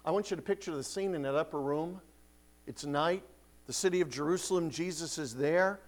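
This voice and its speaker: A man preaching an expository sermon, emphatic, slowing down to read scripture and rising in force on key points. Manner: emphatic, swells louder on key points then drops low; slows and stretches scripture quotes. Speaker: pastor.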